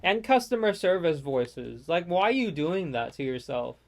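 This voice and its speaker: A man's voice: fairly high pitch, big pitch swings, moderate pace. A man ranting casually and profanely over gameplay, rambling from one gripe to the next. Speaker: gaming vlogger.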